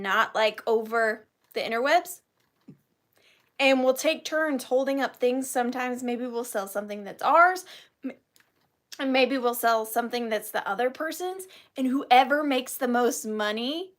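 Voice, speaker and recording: This high-pitched, fairly bright-toned woman from Georgia, US, is selling vintage items on a live stream. Her talk is casual, rambling and giggly, and she speaks to viewers by name.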